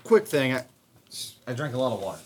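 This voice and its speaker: A man co-hosting a podcast in casual banter, animated and profane. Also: mid-range voice, brisk, a little hiss or hum. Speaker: podcast co-host.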